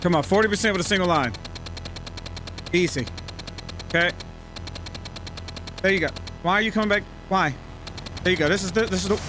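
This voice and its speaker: A man giving live gameplay commentary, exasperated and swearing, yelling at the game as he plays. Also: sits high, animated, fairly quick, long pauses, background noise. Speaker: gaming channel host.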